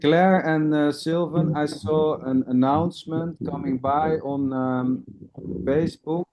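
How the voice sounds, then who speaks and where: A man's voice: fairly high pitch, steady tone, slow pace, highs cut off. A man hosting an online group meeting, talking casually and hesitantly with repeated phrases over a video call. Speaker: host of an online nonduality meeting.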